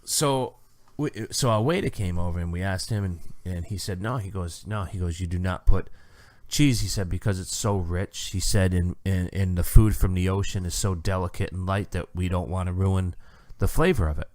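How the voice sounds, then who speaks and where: A deep-voiced man telling a restaurant story on a podcast. He talks casually and acts out the waiters' lines as he goes. His voice sits close and dry, with no room sound. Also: normal speed, darkish tone, no room sound. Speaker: podcast co-host. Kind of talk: casual chat.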